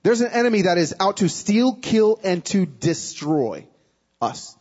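A man giving a sermon as a guest speaker, telling a personal story with emotion, moving between hushed and loud, pleading passages. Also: sits high, sing-song, measured pace, lo-fi sound.

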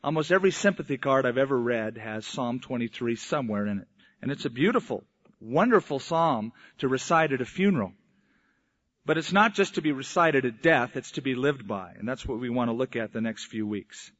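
A male pastor giving a conversational sermon, with slow, emphatic phrasing. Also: mid-range voice, expressive, fairly bright tone. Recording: echoey hall, dull lo-fi sound.

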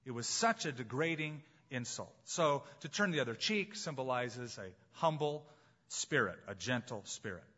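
A man preaching a sermon as pastor, emphatic and slowing down to stress key phrases. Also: mid-range voice, expressive, sharp tone, lo-fi sound.

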